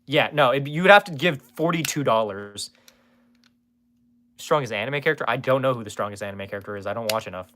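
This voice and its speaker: A man's voice: mid-range voice, a little fast, bright, forceful tone. A man chatting casually on a live stream, reading and answering chat with rambling, jokey, swearing asides.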